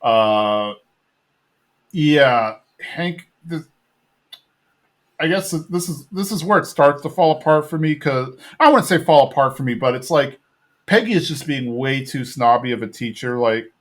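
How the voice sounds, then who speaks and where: A man's voice: mid-range voice, animated, measured pace, a bit bright. Man casually recapping a cartoon. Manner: retells scenes, acting out characters. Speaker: podcast host.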